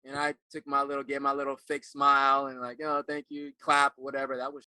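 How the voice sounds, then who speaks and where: Earnest man with a bright, forceful voice. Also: medium pitch, completely flat delivery, clear, resonant tone, dry recording. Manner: earnest, halting, repeats words while recalling. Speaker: actor and life coach guest. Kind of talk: reflective personal storytelling.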